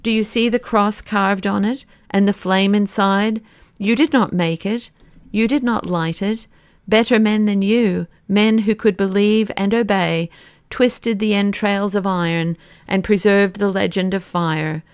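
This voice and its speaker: A woman's voice: mid-range voice, steady tone, a little slow, smooth, no echo, close to an everyday voice. Woman voicing Syme, a fierce young man. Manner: declaiming, impassioned. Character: fierce young male poet-detective.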